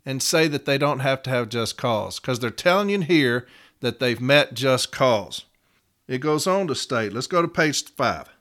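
A man's voice: mid-range voice, lively intonation, fairly bright tone. A middle-aged man, a union advocate who tells fellow advocates how he argued a case and drags out key words for stress. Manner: emphatic, slows down to stress contract words. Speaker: union advocate teaching arbitration. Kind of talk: storytelling lesson to fellow advocates.

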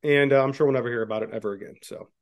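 A man co-hosting a podcast, reading news items aloud and chatting, with frequent "uh" pauses. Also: medium pitch, steady tone. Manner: drawling, many "uh" pauses. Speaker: podcast co-host. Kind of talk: casual political chat, reading news aloud.

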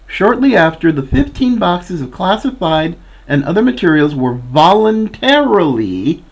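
A man's voice: fairly high pitch, dull audio. A man hosting a political commentary show, reading a news article aloud and breaking off with indignant asides. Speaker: podcast host.

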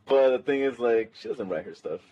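A man from a band chatting fast in a casual interview, and he swears now and then. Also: medium pitch, lively intonation, warm tone, lo-fi sound, a little hiss or hum. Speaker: band member.

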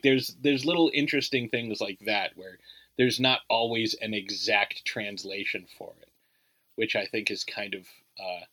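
A man's voice: fairly low pitch, sharp tone, no echo, rough recording. A man co-hosting a casual movie review podcast, talking in a loose, rambling way full of "like" and "you know.". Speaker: podcast co-host.

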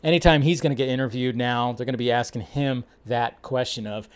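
A man hosting a casual film-news livestream, talking in an animated, swearing, excitable way. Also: mid-range voice, a little fast, smooth. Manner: animated, swears often, loud bursts. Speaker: host.

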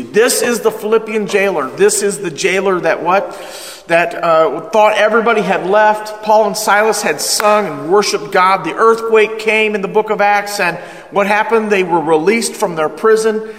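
A man preaching a sermon as pastor, energetic and emphatic, calling the congregation to respond. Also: high-pitched, normal speed. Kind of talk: sermon, Bible study teaching. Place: church hall with live congregation. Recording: echoey hall with long reverb.

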